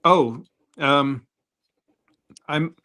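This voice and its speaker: A man's voice: on the high side, extremely slow, sharp tone. A man from Canada chatting casually on a podcast over a video call from a tablet, speaking in a hesitant, apologetic way.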